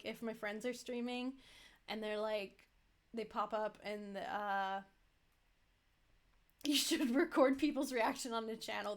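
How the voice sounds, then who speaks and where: A young adult woman streaming a game, chatting casually and rambling, thanking viewers effusively. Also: a little high. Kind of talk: casual live-stream chat.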